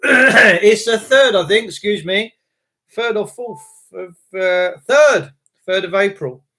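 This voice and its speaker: A middle-aged man hosting a casual live stream, greeting viewers by name, his voice worn from a recent flu and broken by throat clearing. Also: sits high, a bit bright. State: recovering from flu, voice cracking. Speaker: livestream host.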